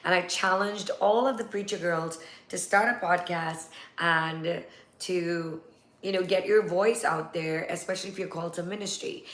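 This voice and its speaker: A woman's voice: fairly low pitch, moderate pace, fairly bright tone. A woman hosting a casual live-stream chat, talking at length and rambling with easy laughs. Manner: chatty, rambling, laughs easily. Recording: echoey room.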